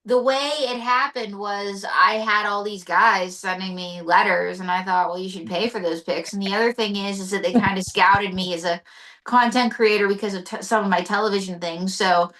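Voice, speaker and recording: Playful woman comedian, bright voice, chatty interview manner. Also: medium pitch, fairly even intonation, normal speed. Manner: chatty, filler-heavy, playful. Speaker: comedian and guest. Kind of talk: comedy sketch and interview chat.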